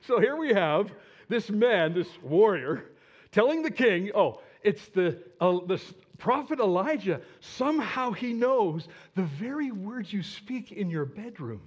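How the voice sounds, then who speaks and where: A male preacher tells his story in a dramatic, animated way, stopping often to make asides to his listeners. His voice swings widely and sits a little high. He alternates between big, emphatic moments and quiet, dropped-down lines. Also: unhurried, slightly rough. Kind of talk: storytelling sermon.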